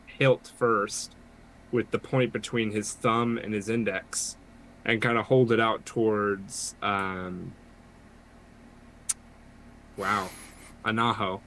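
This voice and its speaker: A man's voice: fairly low pitch, little pitch movement, slow, long pauses, a bit bright, slight background noise, rough recording. A man narrating his character's actions and speaking in character during a tabletop role-playing game. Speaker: tabletop player.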